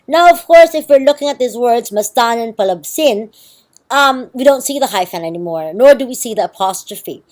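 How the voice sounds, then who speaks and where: A woman's voice: a little high, lively intonation, moderate pace, darkish tone. A woman with a Filipino accent giving a university lecture, explaining step by step and often checking in with "okay" and "right".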